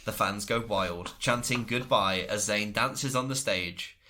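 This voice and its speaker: A man's voice: lowish voice, measured pace, pushed and bright. A man co-hosting a podcast, recapping in casual chat, enthusiastic and laughing often. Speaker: podcast co-host.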